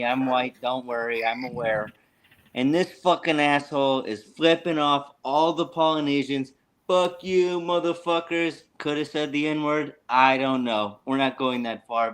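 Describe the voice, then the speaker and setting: An American man hosting a casual chat, telling stories in a crude, animated way. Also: mid-range voice, smooth. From United States. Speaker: host.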